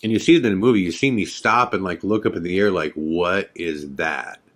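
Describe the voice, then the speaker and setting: Podcast host, male, very low voice, casual rambling storyteller. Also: fast, a bit bright. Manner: rambling, many fillers.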